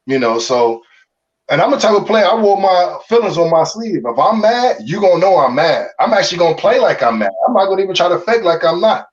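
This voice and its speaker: A man's voice: high voice, very animated, fairly quick, far from the mic, lo-fi sound. A middle-aged man from Chicago, a former pro ballplayer, telling his story in an interview with loose slangy talk and frequent restarts. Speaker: former pro baseball player, guest.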